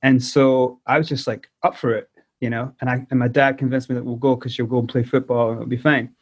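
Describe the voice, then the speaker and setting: A Scottish man in his forties, with traces of South African in his accent, tells his life story as a podcast guest, rambling with many restarts and "like" fillers. His medium-pitched, breathy voice is fast and level in tone, captured on dull lo-fi audio.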